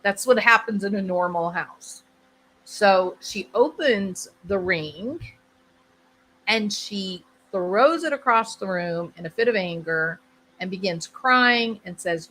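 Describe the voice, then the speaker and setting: A woman's voice: mid-range voice, unhurried, bright, forceful tone, slight background noise, poor audio. A woman hosting her channel, explaining a topic in casual conversation and often checking in with the listener. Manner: conversational, repeats herself, asks "right?". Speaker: channel host.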